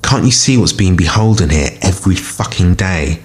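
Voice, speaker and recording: A furious male shadow monster snarls and swears in a deep, harsh voice, put on by a man reading the story. He is a creature of darkness and menace in this audiobook tale. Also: expressive, normal speed.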